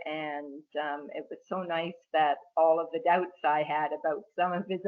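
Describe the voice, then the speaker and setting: A woman from Ireland, a guest author, speaking and reading from her book in a measured, reflective way over a video call. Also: fairly low pitch, narrow, tinny audio.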